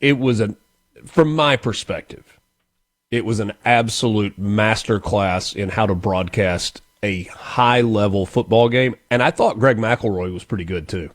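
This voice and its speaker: A man hosting a sports talk radio show, giving measured, opinionated commentary in casual chat. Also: lowish voice, no echo, clean studio sound.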